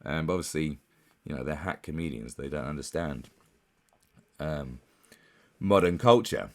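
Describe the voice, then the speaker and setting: A man's voice: very deep voice, lively intonation, normal speed. A man giving casual commentary, rambling and scornful, with many fillers and restarts. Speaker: commentary YouTuber.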